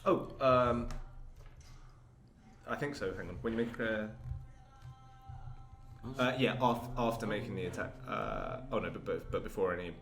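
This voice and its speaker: A man's voice: on the low side, very animated, a little slow, creaky, long pauses, fairly bright tone. A man playing a tabletop game, calling out his rolls in a hesitant, cheerful way, full of ums and restarts. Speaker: player. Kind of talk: casual tabletop game play. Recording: roomy sound with music underneath.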